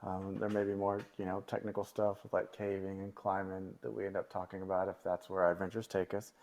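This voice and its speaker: A man co-hosting a casual podcast, talking in an easygoing, halting way with fillers. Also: low voice, level tone, darkish tone, a little hiss or hum. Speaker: podcast co-host.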